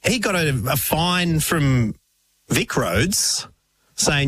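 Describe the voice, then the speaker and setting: A man's voice: on the high side, lively intonation, moderate pace, a bit bright, a little hiss or hum. An Australian man co-hosting a radio show, telling stories in an exasperated way and mimicking others. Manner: storytelling with mock voices, exasperated. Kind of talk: casual banter.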